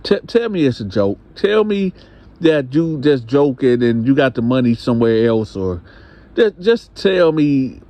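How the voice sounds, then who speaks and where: A man voicing a hurt truck-driving husband who pleads, then speaks slow and cold. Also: mid-range voice, sing-song, mellow, pitched above the performer's own voice. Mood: pleading. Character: hurt, bitter working husband, truck driver.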